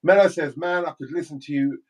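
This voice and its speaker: A man's voice: fairly high pitch, steady tone, brisk, lo-fi sound. An English man co-hosting a casual livestream, reading out viewer comments and laughing easily. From England. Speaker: livestream co-host.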